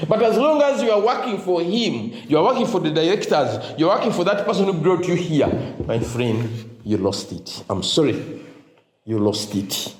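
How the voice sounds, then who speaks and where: In an echoey room, a male motivational speaker with a fairly high, slightly mellow voice addresses teachers. He works call-and-response style, leaving sentences hanging with "what?" so the audience can finish them, and mixes in Luganda phrases.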